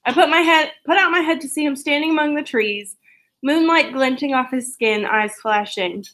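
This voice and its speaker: A woman reads a novel aloud. Her voice sits somewhat high. She keeps a plain, steady pace and drops in casual asides. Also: moderate pace. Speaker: reader.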